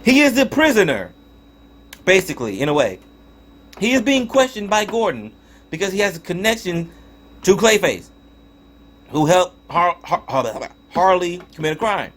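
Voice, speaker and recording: A man's voice: a little high, fairly bright tone. A young man giving a casual spoken review of a cartoon episode, swearing and ranting in exasperation with frequent restarts. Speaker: TV show reviewer.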